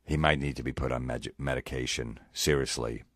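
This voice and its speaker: A man's voice: very deep voice, fairly even intonation, a little fast, fairly bright tone, no room sound, clean studio sound. A male comedian ranting sarcastically, mocking and swearing. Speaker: comedian host. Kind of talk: comedic rant.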